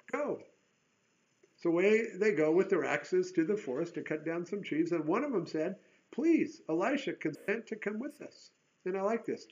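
A man with a somewhat high-set voice works through a Bible chapter as a preacher. He reads the verses, then drops into casual, joking commentary. The recording is dull and lo-fi. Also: darkish tone. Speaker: pastor.

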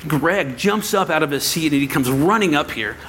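A man's voice: fairly high pitch, moderate pace, slight background noise. A man, preaching a personal story to his congregation and acting out the voices in it. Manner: animated storytelling, acts out quoted voices. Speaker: pastor. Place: church sanctuary.

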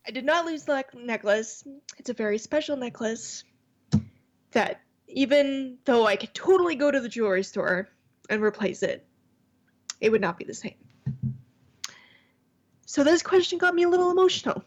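A woman's voice: high voice, expressive, moderate pace, long pauses, highs cut off. Female co-host, casual chat, earnest and candid delivery. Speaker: podcast co-host.

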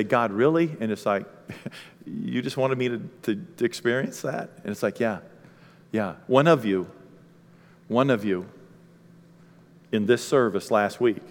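Preaching man in an echoing church. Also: medium pitch. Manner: animated, acts out voices of people in the story. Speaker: pastor. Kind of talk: sermon. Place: church sanctuary.

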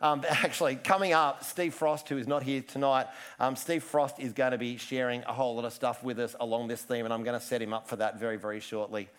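A man's voice: mid-range voice, fairly even intonation, fast, hardly any pauses, a bit bright, clean tone. A man preaching a casual sermon, chatty and joking, often restarting his sentences. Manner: chatty, self-interrupting, joking asides. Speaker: pastor.

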